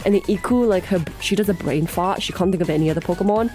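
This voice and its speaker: A woman streamer telling a story in casual, animated chat, giggly and rambling. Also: lowish voice, fast, soft background music.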